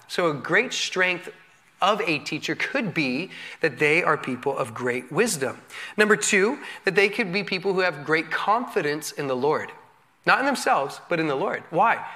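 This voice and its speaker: Man, pastor, sermon, high pitch, bright tone, candid, self-deprecating, animated. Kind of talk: sermon teaching.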